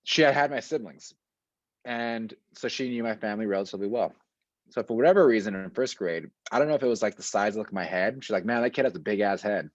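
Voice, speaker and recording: A man who works as a school administrator, answering interview questions in a relaxed, casual way with slang and many fillers, heard over a video call. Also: fairly low pitch, fast talker, no echo. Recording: dull, lo-fi and dry.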